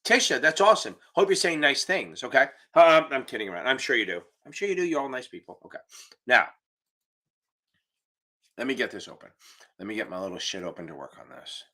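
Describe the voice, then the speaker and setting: Casting note: male finance tutor, bright tone, loose and profane, talking on a video call mic. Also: medium pitch, lively intonation, a little fast, long pauses. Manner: casual, profane, joking teacher. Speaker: exam tutor. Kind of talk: live online Q&A lesson. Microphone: computer mic on a video call.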